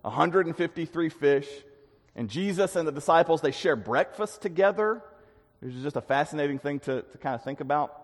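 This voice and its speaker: A man preaching a sermon, earnest and dynamic, with emphatic swells and quiet drops. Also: on the high side, animated, a little fast. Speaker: pastor. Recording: long hall reverb.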